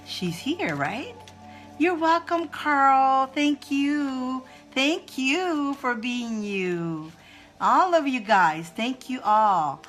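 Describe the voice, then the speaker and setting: Woman, middle-aged, bright and a bit high, effusive live-stream reading host. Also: lively intonation, very slow, soft background music. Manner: emotional and effusive, laughs often, talks straight to viewers.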